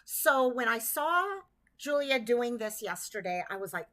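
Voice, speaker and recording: A woman speaks with a crisp, bright tone, set a little high. She hosts a casual livestream for her community and keeps up an easy, chatty flow, pausing to greet viewers by name. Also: very animated. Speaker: livestream host.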